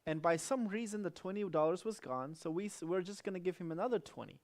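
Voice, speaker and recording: A man doing a calm, quiet father. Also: quick pace. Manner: low, quiet and steady.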